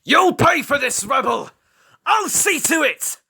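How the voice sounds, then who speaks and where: A vicious, vengeful young fox from a read-aloud fan story, as a man puts him on, shouting threats in a raised, bright, high-pitched voice. He sounds enraged and spiteful. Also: very animated, takes it slowly, creaky, exaggerated voice. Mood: threatening.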